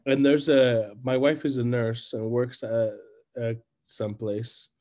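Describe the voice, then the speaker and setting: A man's voice: mid-range voice, little pitch movement, unhurried, warm tone. Profane man telling wild stories. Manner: profane storytelling, voice jumps up when incredulous. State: coughing when he laughs. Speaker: podcast co-host. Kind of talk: crude casual chat.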